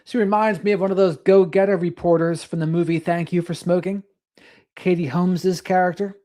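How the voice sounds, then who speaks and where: A commentator on a live stream reacts to the action and reads out comments from the chat with a joking tone. The voice sits at an average pitch and the delivery is loose and casual. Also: fairly even intonation, brisk, mellow.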